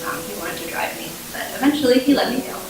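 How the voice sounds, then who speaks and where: A woman's voice: high voice, lively intonation, rapid-fire. A woman telling a true story on a small theater stage, candid and wry, laughing at herself. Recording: echoey room recording from far off, with music.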